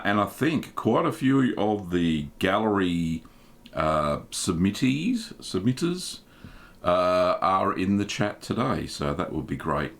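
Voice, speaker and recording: A man's voice: fairly low pitch, gravelly. A middle-aged Australian man hosting a live stream, chatting casually and greeting viewers one by one with friendly g'days. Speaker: host of a live cheese-making Q&A stream.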